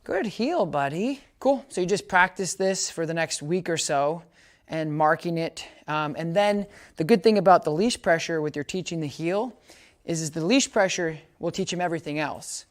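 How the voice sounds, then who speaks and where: A man giving a hands-on dog training lesson outdoors, chatting casually as he explains and calling out high, upbeat praise commands to the dog. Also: normal speed.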